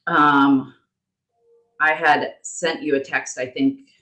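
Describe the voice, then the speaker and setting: A woman co-hosting a podcast, telling a story in an animated, candid way and swearing freely. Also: sits low, slow. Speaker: podcast co-host. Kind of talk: casual storytelling chat. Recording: roomy echo.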